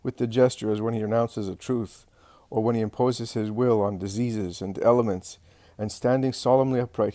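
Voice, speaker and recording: A man giving an earnest, measured scripted reading of a religious narrative. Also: on the low side, steady tone, mellow, no echo.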